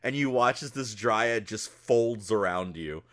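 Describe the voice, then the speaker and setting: A man narrating a tabletop game as game master, casual and excitable, often laughing as he describes the action. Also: fairly low pitch, measured pace.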